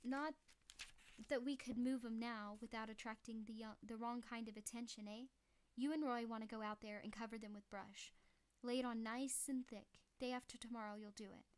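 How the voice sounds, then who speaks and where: A woman's voice: fairly high pitch, fairly even intonation, moderate pace, clean tone, close to an everyday voice. A woman voicing a cunning older male gunman who talks in a sly, mocking country drawl.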